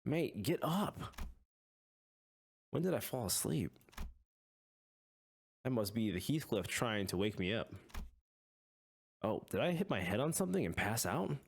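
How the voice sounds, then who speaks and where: A man's voice: on the low side, sing-song, moderate pace, vocal fry, pauses often. A man reading game text aloud and reacting, in a jokey, dramatic way. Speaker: gaming YouTuber.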